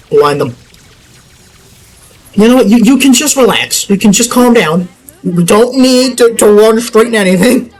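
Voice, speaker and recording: A man's voice: high-pitched, rough recording. A young man giving casual gameplay commentary, rambling and laughing often. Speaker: gameplay YouTuber.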